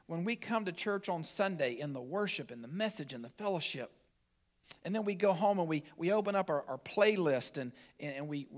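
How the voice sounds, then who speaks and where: Male pastor, sermon delivery, fairly high voice, swells loud then sinks low, talks to the room in asides. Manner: emphatic preaching, rising loud for emphasis and dropping low at phrase ends; conversational asides to the congregation. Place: church sanctuary.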